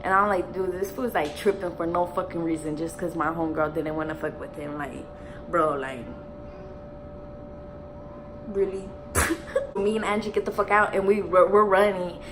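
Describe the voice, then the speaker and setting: A woman's voice: on the low side, normal speed, noisy background. Slangy young woman telling a storytime. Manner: slangy, animated, swearing, lots of "like". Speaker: beauty vlogger. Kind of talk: storytime while doing makeup.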